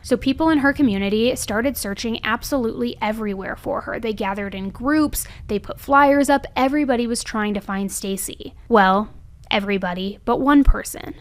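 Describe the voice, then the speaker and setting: A young woman with a fairly high voice tells a true crime story as if talking to a friend. Her delivery is chatty and conversational, and she keeps checking in with little asides. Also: normal speed. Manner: chatty, leaning on "right?" and "I mean".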